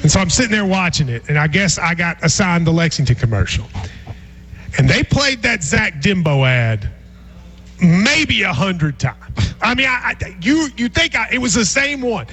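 A man hosting sports talk radio in a husky, bright and fairly high voice that swoops up and down a lot. He talks in animated bursts, laughs easily and trips over restarts. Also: normal speed. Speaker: radio host.

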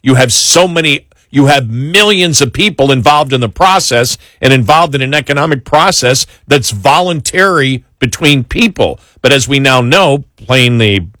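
Animated man hosting a talk show. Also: medium pitch, moderate pace, few pauses, dry recording, studio quality. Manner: animated, exasperated, many restarts. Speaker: talk radio host. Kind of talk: political talk show chat.

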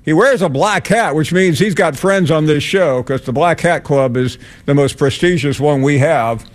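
Chatty man hosting a sports show. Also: a little high. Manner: chatty, halting, many restarts. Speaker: sports TV host. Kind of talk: casual on-air interview.

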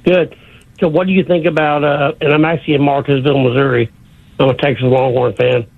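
A man with a gravelly voice, pitched a bit high, calls a sports show with friendly, casual questions. He comes through a tinny, phone-like line with a dry sound. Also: level tone, brisk, no room sound. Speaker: caller. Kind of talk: sports radio call-in.

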